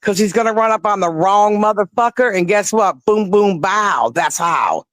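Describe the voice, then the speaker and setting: A woman's voice: medium pitch, lively intonation, moderate pace, no echo. A woman arguing on a heated online panel, profane and confrontational. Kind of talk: heated argument.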